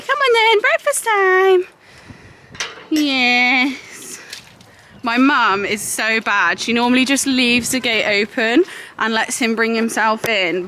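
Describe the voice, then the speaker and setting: A woman's voice: on the high side, a bit bright, a little hiss or hum. A young woman filming her day at a horse yard, chatting to the camera and fondly talking to her horses. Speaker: horse rider running a yard. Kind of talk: casual vlog narration. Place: outdoor stable yard. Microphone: camera mic, no clip-on.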